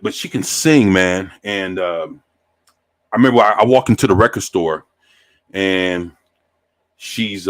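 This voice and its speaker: A man's voice: on the low side, fairly bright tone. Laid-back, profane man in his forties. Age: 40s. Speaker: show host. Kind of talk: casual storytelling.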